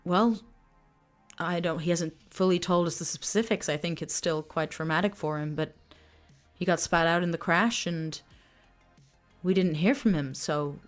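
A woman's voice: on the low side, moderate pace, faint music behind, natural voice. A woman voicing a glamorous, flirtatious alien woman bartender who calls people darling in a sweet, teasing way. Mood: gossipy.

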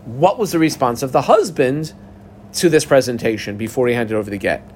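Animated man teaching Talmud. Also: medium pitch, fairly quick, slight background noise. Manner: animated, acts out the parties in a dialogue. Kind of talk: casual Talmud class explanation.

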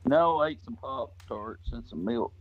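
Husky man from the American South, deadpan podcast co-host, dull lo-fi sound. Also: mid-range voice, a little slow. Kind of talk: casual podcast chat.

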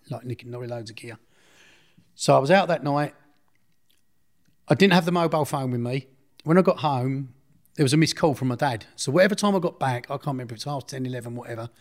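Rambling middle-aged man. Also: medium pitch. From Essex, England. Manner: rambling, self-correcting, acts out others' speech. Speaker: interview guest. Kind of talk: casual storytelling in a podcast interview.

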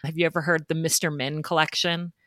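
Woman host, low voice, close dry mic, easy conversational read. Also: little pitch movement, fairly quick, pushed and bright, no room sound. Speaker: podcast host. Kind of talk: casual podcast conversation.

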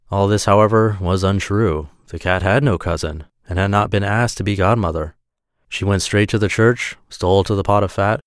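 A man with a low voice reads a fairy tale aloud as a podcast host, relaxed and friendly. The recording is very dry and close, with no room sound. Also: clear, resonant tone, dry recording.

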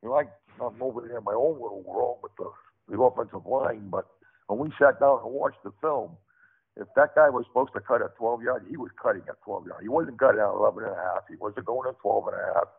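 Gravelly low-ish guy, ex line coach, earnest, repeats himself, tinny phone sound. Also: a little fast. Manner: earnest, repeats phrases for emphasis. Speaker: former offensive line coach. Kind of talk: casual chat.

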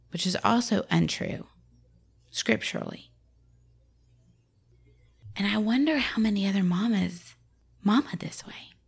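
A woman in her forties speaks to other mothers about faith in a friendly, conversational way. Her voice has a gravelly edge, and she brings the quoted lines to life as she talks. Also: medium pitch. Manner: conversational and expressive, acting out quotes. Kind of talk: devotional talk on scripture.

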